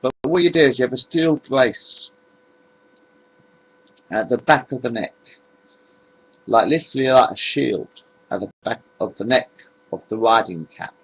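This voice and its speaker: A man's voice: medium pitch, unhurried, creaky, pauses often, breathy edge, dull audio. A man, rambling on in a home video monologue, repeating himself and drifting between topics.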